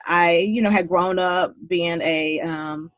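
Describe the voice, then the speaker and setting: A woman's voice: on the low side, fairly even intonation, slow, dry recording. Woman, 30s, earnest guest storyteller, dry lo-fi recording. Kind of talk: podcast interview.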